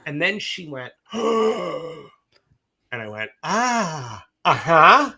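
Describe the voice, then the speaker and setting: Animated, bright-voiced man telling stories. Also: on the high side, very slow, gravelly, husky. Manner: lively, profane, acts out both sides of conversations. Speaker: film director, interview guest. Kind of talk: animated storytelling in a casual interview.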